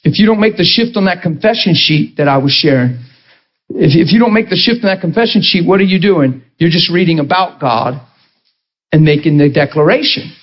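A man's voice: on the high side, fairly quick, dull audio. A man preaching a sermon in a conversational way, often checking in with his listeners.

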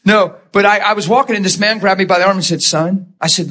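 A man preaching a sermon, telling a personal story in an animated, laughing way and acting out the people in it. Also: high-pitched, brisk, few pauses. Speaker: pastor. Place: church.

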